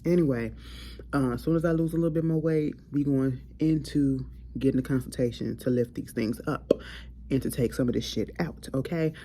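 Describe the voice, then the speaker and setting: A woman with a low, warm, relaxed voice talks through reality TV drama in blunt, profane casual chat. She tells it in an animated, storytelling way. A faint hum sits under her voice. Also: normal speed. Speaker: host.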